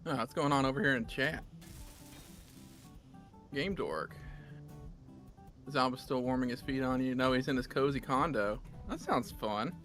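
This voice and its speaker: A man's voice: medium pitch, unhurried, pauses often, a bit bright, soft background music. A man with a Southern US accent hosting a casual gaming stream, chatting and telling rambling stories. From Southern United States. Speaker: streamer host reading chat.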